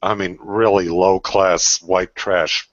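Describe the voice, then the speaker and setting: A man's voice: sits low, flat delivery, slow pace, no room sound. A man in his sixties in casual chat, telling blunt, profane stories. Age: 60s. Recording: dry, dull lo-fi audio.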